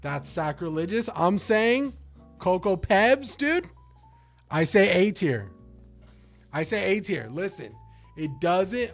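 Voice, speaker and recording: This is a young man streaming live and chatting loosely with his viewers. His voice sits a bit higher than most men's, and he talks with loud, slangy excitement, swearing and joking freely. Faint music plays quietly behind him. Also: takes it slowly, pauses often. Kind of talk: casual livestream chat.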